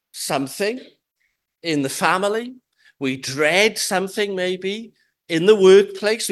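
Male preacher, high voice, unhurried, measured sermon delivery with careful emphasis. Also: a bit bright. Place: church with pews.

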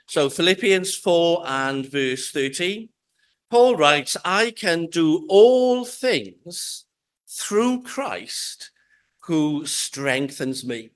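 Male preacher, high voice, unhurried, measured sermon delivery with careful emphasis. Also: animated, smooth. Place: church with pews.

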